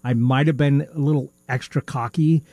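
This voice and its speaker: A man co-hosts a podcast in casual chat, rambling and hesitant, with lots of fillers and chuckles. His medium-pitched voice is dark and slightly rough, with fairly even intonation and a moderate pace. A missing tooth gives him a slight lisp, and there's no room sound.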